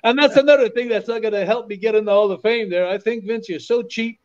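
A man from Canada, a former wrestler and podcast guest, telling stories in a lively way and repeating phrases for emphasis. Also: sits high, fast. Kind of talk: animated storytelling. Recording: dull lo-fi audio.

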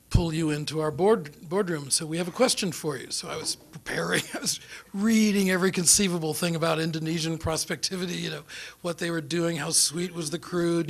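In a lecture room or dinner venue, a middle-aged man from New Zealand, whose voice is a little high and carries his country's accent, is the guest speaker for an after-dinner talk on foreign policy. He meanders through anecdotes, poking fun at himself along the way.

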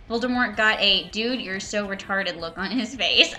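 A woman's voice: medium pitch, pushed and bright, soft background music. A young woman giving a mocking, dramatic reading of fan fiction, with sarcastic asides. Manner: reads slowly, breaks into laughter and sarcastic asides. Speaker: reader and commentator.

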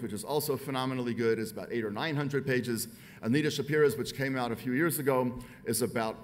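A man's voice: on the high side, slight background noise. A middle-aged American man, an author, giving an emphatic speech to a dinner audience, building his points through rhetorical repetition. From United States.

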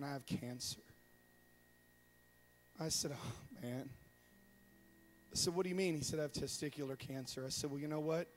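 A man preaching in a church as a traveling evangelist, telling comic stories with acted-out voices and sudden shouted bursts. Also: a little high. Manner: animated, acts out voices with loud shouted bursts and laughter. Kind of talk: comedic sermon storytelling.

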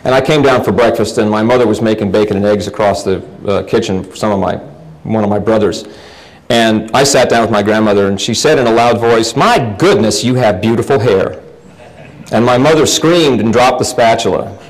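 Wry, lower-voiced middle-aged man telling stories. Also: fairly quick, poor audio. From United States. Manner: humorous, wry, with frequent restarts. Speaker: guest lecturer. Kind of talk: anecdotal lecture storytelling.

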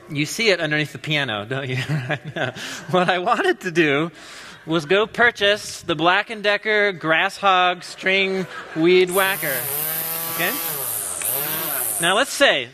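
A man's voice: sits high, a little slow, slight background noise. A man in his thirties from the US Pacific Northwest, preaching a casual, joking sermon in a church. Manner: animated, joking storyteller. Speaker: pastor. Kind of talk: conversational sermon. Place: church sanctuary. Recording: long reverb of a large hall.

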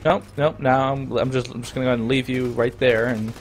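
A man's voice: mid-range voice, steady tone, fast talker, a little hiss or hum. A young man co-hosting a let's play, teasing his partner dryly while they play. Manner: dry, teasing. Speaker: co-host player. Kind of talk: casual gameplay commentary.

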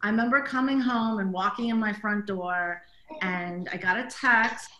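A woman with a bright, forceful voice talks through her memories as a director, full of "like" fillers and quoted asides. Her voice rings in a roomy, echoing space, as over a video call. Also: medium pitch, moderate pace, highs cut off, a little hiss or hum. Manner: chatty storyteller, many "like" fillers, acts out quotes. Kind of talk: casual interview chat. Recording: roomy echo.

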